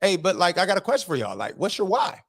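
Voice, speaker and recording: A man's voice: high-pitched, fast talker, no room sound, clean studio sound. A man hosting a motivational livestream, telling stories in a casual, slangy way and often asking "right?". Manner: animated, storytelling, keeps asking "right?".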